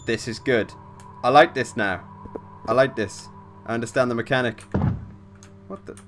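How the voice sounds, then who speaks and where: Speaking over music at a normal pace, a man with a mid-range voice gives gameplay commentary on a horror title through a desk mic with facecam. He jumps at scares, curses frequently, and reads the game text aloud.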